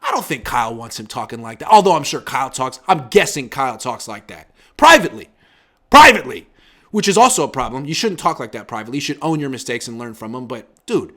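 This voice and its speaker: A man in his thirties hosting a casual sports talk show, animated and acting out quotes in swinging voices. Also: mid-range voice, fast, hardly any pauses.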